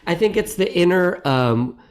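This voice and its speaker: A man's voice: high-pitched, expressive, moderate pace. Chatty, meandering middle-aged man. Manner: chatty, meandering, self-deprecating. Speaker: guest actor. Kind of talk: casual interview chat.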